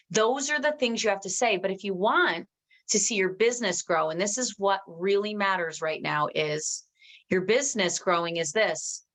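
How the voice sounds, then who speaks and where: A woman giving an emphatic motivational training talk to her team, talking quickly and restarting often. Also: medium pitch. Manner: energetic, emphatic, reads out viewers' comments.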